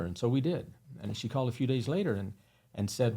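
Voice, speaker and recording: Fast and animated, his fairly low voice carrying a dark tone, a company founder recounts earnest anecdotes as an interview guest. The talk is casual storytelling, packed with fillers.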